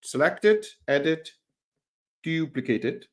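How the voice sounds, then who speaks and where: A man co-presenting a live software lesson, demonstrating steps in a relaxed, teasing way. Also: on the high side, a little slow.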